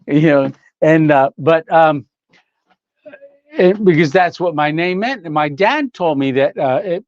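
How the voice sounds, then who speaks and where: A man's voice: fairly high pitch, expressive, takes it slowly, dry recording, lo-fi sound. An older man hosting a casual livestream, rambling through stories, reading chat aloud and laughing often. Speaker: livestream host.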